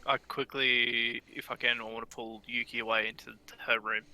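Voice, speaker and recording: A man plays a tabletop game, his voice gravelly with a very sharp, tense edge. He feels his way through sentences, pausing on "uh" and "like.". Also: mid-range voice, flat delivery, no echo, low-quality recording. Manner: hesitant, searching for words with fillers. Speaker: player. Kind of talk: casual tabletop play.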